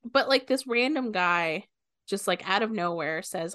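A woman's voice: medium pitch, moderate pace, no echo, studio quality. A woman co-hosting a book podcast, casually retelling the plot and quoting characters as she goes. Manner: animated retelling, quoting characters with bursts of swearing. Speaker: podcast co-host.

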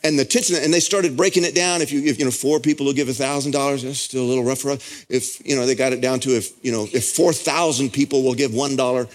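A middle-aged man with a drawl preaches from the pulpit, telling a story with rising fervor. His voice sits at an ordinary pitch and climbs as he presses his point. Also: fairly even intonation, fast, few pauses. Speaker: pastor. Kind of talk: sermon.

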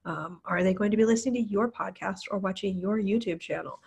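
A woman's voice: medium pitch, fairly quick, creaky, darkish tone, breathy edge. Chatty woman podcast co-host. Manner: chatty, enthusiastic, laughs often. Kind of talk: casual business podcast chat.

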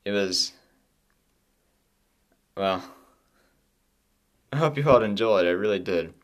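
On his own podcast, a man shares a personal testimony of faith, halting and emotional, restarting often and nearly in tears. His pitch is fairly low, yet his intonation stays lively.

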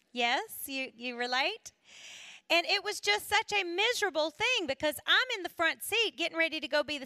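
High, bright woman telling stories. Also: dry recording, clean studio sound. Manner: animated storyteller who acts out quoted voices. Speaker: Christian conference speaker and singer. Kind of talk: storytelling talk at a women's conference.

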